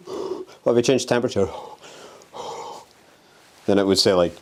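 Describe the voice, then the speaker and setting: A man's voice: medium pitch, big pitch swings, moderate pace, pauses often, a little mellow. A young man vlogging as he explores an abandoned house, talking restlessly and swearing while he taunts the spirits. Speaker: urban explorer and ghost hunter. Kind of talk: handheld exploring vlog. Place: abandoned house on a windy day.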